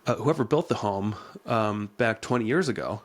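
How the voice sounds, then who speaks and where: A man's voice: on the low side, moderate pace. A man co-hosting a podcast and explaining home inspections as a real estate agent, in a conversational, rambling style full of fillers and restarts. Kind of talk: casual explanatory chat.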